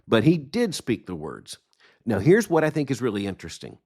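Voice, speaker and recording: A middle-aged man hosting a daily news commentary show, reading out news quotes and responding in a measured, emphatic way. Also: mid-range voice, wildly swooping pitch, darkish tone, breathy edge. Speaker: podcast host.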